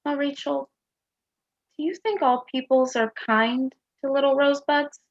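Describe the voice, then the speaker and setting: A woman's voice: sits high, fairly even intonation, unhurried, lo-fi sound. A woman playing a small, earnest young boy who asks plaintive, childlike questions in a stage play. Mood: innocent.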